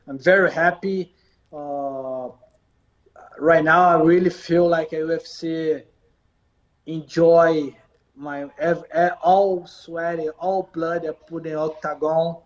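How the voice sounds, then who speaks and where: Brazilian guy fighter, choppy second-language english, kinda high voice, muffled call audio. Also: fairly even intonation. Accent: Brazilian Portuguese. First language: Portuguese. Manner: halting, repetitive non-native English. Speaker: professional fighter. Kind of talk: interview answers.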